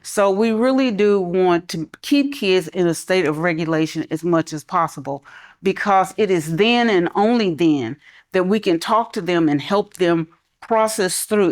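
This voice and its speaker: A middle-aged woman who works in schools, speaking conversationally on a panel and softening her voice for examples. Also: on the low side. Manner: conversational, relaxed, drops to a soft calm voice for examples. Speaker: school mental health professional. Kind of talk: panel talk.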